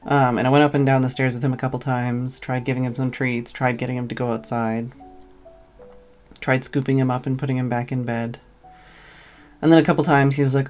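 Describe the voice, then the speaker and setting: A woman's voice: extremely low pitch, fairly even intonation, brisk, a little mellow, soft background music. A tired woman streamer telling a long, casual story, rambling and full of "like" fillers.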